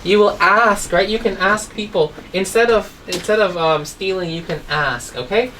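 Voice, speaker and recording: A woman's voice: medium pitch, normal speed, fairly bright tone. A woman teaching an online phonics lesson to children, telling a simple story and constantly asking if they follow. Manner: asks constant check questions. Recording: distant mic, faint background noise.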